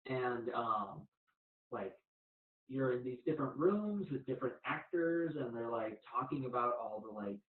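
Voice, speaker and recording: A man's voice: medium pitch, animated, unhurried, recorded from a distance. A young man hosting a podcast in easygoing, casual talk, often breaking into laughter as he tells stories. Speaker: podcast host. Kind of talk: casual chat. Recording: tinny phone-like sound in an echoey room.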